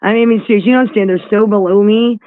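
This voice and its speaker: A woman's voice: medium pitch, fairly even intonation, very fast, no echo. A woman ranting on a livestream, mocking and scornful, swearing constantly. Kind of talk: heated livestream rant. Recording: tinny phone-like line.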